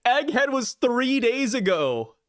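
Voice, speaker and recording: A man as a guest in a casual chat, animated and excitable. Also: very high-pitched, slow pace, no echo, studio quality.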